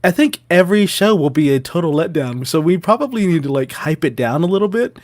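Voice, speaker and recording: Playful man with a lively voice. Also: fairly high pitch, brisk, no room sound. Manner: playful, laughs often. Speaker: co-host. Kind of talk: casual chat.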